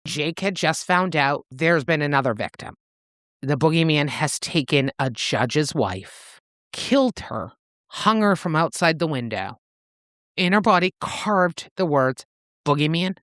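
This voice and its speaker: A woman co-hosting a book podcast, recapping the plot in an animated, casual way and swearing freely. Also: low-pitched, measured pace, dry recording, clean studio sound. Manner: animated storyteller, swears freely, acts out quotes. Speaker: podcast co-host recapping a novel. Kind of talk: casual book-club chat.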